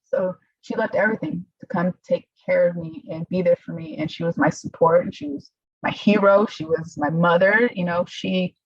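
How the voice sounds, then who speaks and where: A young adult woman, a podcast guest, telling her story in a halting, emotional way and acting out what others said. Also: lowish voice, slightly rough, dry recording, dull audio. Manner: emotional, halting, quotes others in lively voices. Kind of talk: casual interview storytelling.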